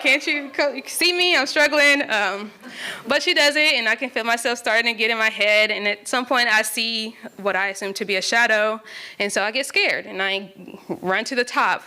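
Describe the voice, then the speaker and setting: Bright-voiced woman telling a personal story. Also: medium pitch, clean tone. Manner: conversational, laughs between lines.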